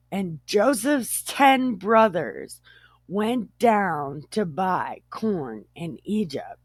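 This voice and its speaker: A woman's voice: mid-range voice, expressive, very slow, dry recording. A woman host retelling a Bible story casually, irreverent and profane, often joking.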